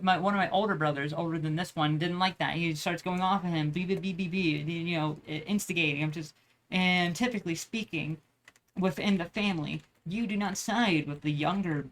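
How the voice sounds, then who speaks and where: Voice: mid-range voice, normal speed, a bit bright. A young adult vlogger chatting casually while drawing, rambling with lots of swearing and restarts. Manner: rambling, profane, many restarts.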